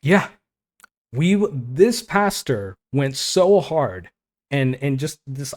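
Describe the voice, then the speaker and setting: A man's voice: fairly high pitch, animated, a little slow, darkish tone. A man giving casual, impassioned commentary, reading quotes aloud and reacting to them informally. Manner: passionate, informal, interjects with "man" and "dude". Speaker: online Christian commentator.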